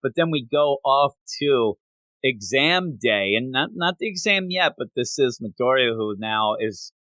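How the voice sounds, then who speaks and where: Lively bright-voiced male podcast host. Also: mid-range voice, unhurried, no room sound. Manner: lively, laughs often. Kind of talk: casual chat recapping a manga chapter.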